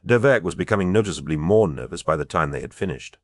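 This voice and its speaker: Very deep-voiced male audiobook narrator. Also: lively intonation, quick pace, no echo, studio quality. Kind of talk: scripted narration.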